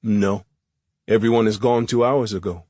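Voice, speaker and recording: A man's voice: lowish voice, steady tone, normal speed, dark tone, no room sound, clean studio sound, close to an everyday voice. A man voicing a nervous male security guard with a Middle Eastern accent and clipped, broken phrasing.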